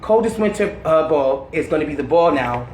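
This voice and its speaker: Brief: outspoken woman storyteller, lively and blunt, full of laughs, recorded in a roomy space with faint noise. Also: low voice, moderate pace. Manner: animated, blunt and slangy, laughing often. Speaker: interviewee telling stories. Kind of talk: candid storytelling interview.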